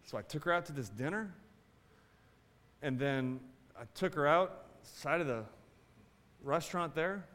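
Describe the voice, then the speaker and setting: A man preaching a sermon as a pastor, swinging between loud exclamations and quiet asides. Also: fairly high pitch, animated, unhurried, pauses often, in a large hall.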